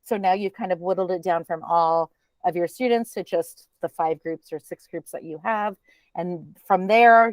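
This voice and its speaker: A woman presenting a teacher training webinar in a chatty, relaxed way, with many ums. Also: lowish voice, no room sound.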